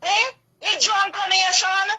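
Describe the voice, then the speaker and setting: A woman's voice: very high voice, steady tone, slow, bright, forceful tone, poor audio. A woman with a Jamaican accent delivering an impassioned, repetitive rant in a video. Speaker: vlogger.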